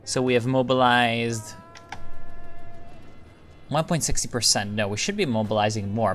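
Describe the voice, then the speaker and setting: A man's voice: medium pitch, moderate pace, long pauses, fairly bright tone, faint music behind. A man giving casual, rambling commentary on his strategy gameplay, thinking aloud and restarting sentences. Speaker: gaming video creator.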